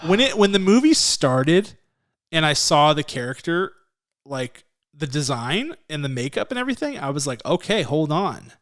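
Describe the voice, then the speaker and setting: An easygoing man on a movie review podcast, talking in a casual, chatty way and laughing often. His voice sits a bit higher than most men's and comes through smooth and clear. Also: normal speed. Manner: laughs often, relaxed and self-deprecating. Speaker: podcast co-host.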